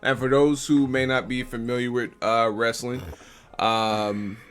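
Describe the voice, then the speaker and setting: A man's voice: medium pitch, level tone, a little slow, a bit bright, faint music behind. A man from Missouri co-hosting a podcast, explaining pro wrestling in a rambling, casual way, full of fillers. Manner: rambling explainer, lots of likes and ums. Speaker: podcast co-host.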